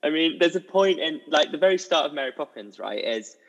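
A man's voice: on the high side, fairly quick. Young guy telling stage stories, lots of giggles, kinda muffled echoey sound. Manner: animated, giggly storytelling. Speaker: guest, musical theatre performer. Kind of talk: casual chat. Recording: dull audio with long reverb.

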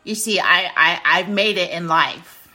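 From her home kitchen, a podcast host in her twenties delivers a casual storytelling monologue that's blunt, profane and self-mocking. Her voice sits on the low side, unhurried and sharp in tone, with faint music behind.

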